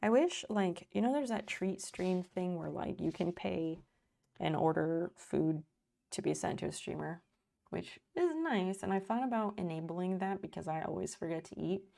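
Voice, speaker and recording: A woman in her thirties chats on a live stream, rambling and swearing freely as she reads her chat aloud. Her voice is gravelly with a dark, mellow tone. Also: on the low side, animated, moderate pace. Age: 30s.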